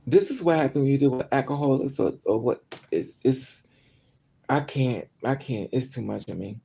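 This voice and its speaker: Husky, gravelly woman telling a story. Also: a bass voice, normal speed. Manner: chatty, animated retelling with rising outbursts. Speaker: livestream host. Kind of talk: casual storytelling.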